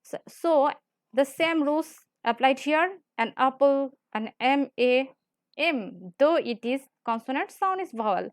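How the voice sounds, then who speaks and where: A woman's voice: sits high, animated, dry recording, clean studio sound. A woman teaching grammar in a classroom lecture style. She repeats points and often checks in with "right?". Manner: repetitive, explains slowly with frequent "right?".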